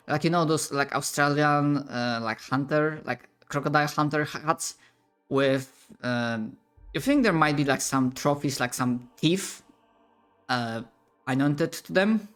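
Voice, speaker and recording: A man narrating a tabletop role-playing scene as game master, halting and full of fillers. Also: on the high side, fairly bright tone, clear, resonant tone. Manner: slow, halting, with many fillers.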